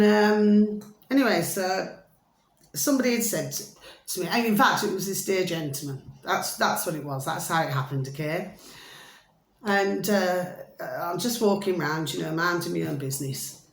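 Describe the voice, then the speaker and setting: A woman's voice: fairly low pitch, lively intonation, moderate pace. A woman telling a long story to her viewers in a chatty, repetitive way, constantly checking that they follow along. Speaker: vlogger. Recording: roomy echo, faint ambience.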